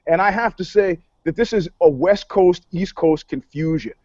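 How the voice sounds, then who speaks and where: A man from New York co-hosting a casual talk show, telling stories in a profane, animated way and acting out the dialogue. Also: high-pitched, moderate pace, dull audio, a loud crowd. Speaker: podcast co-host, PR commentator.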